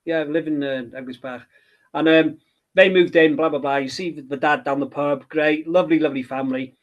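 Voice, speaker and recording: A man's voice: fairly high pitch, fairly even intonation, brisk, muffled recording. A middle-aged man, a children's book author chatting in an interview, rambling and hesitant with many restarts. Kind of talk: casual interview chat.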